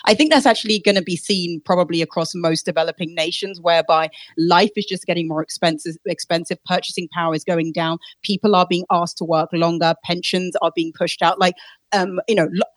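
A woman's voice: fairly low pitch, steady tone, brisk, no echo. A woman co-hosting a casual panel discussion, thoughtful, with frequent restarts and fillers.

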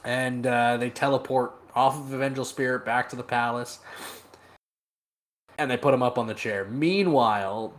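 Over a remote call microphone, a man co-hosting a podcast retells a story in casual chat, swearing freely and laughing as he goes. His voice is medium-pitched at a moderate pace.

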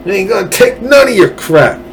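A man's voice: high voice, big pitch swings, fairly quick, gravelly, a little hiss or hum, low-quality recording. A man hosting a political podcast, ranting angrily with sarcasm and profanity. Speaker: podcast host. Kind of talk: political commentary rant.

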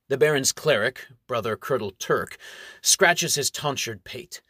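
A man narrating a historical fantasy story in a measured storytelling manner. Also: mid-range voice, sharp tone, no echo, clean studio sound. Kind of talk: audiobook narration.

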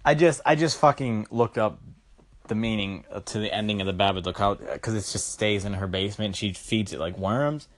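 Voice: deep voice, normal speed. A young adult vlogger casually recapping a horror movie in a rambling, profane, slangy way.

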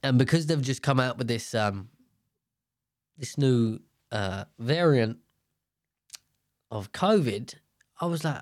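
A man's voice: medium pitch, animated, takes it slowly, pauses often, no echo, clean studio sound. Rambling guy telling stories. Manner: rambling, swearing, self-mocking. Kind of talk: casual storytelling monologue.

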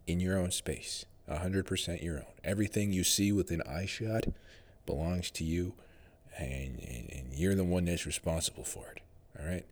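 A man's voice: low-pitched, normal speed. A man with a General American accent, rambling through a casual solo monologue as a podcast host. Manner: rambling, musing, many fillers and restarts.

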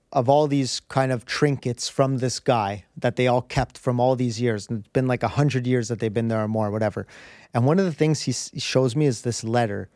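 A man's voice: medium pitch, a little mellow, no echo, studio quality. Earnest rambling man telling his story. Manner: earnest, rambling, with frequent restarts. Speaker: podcast guest. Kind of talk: candid storytelling in conversation.

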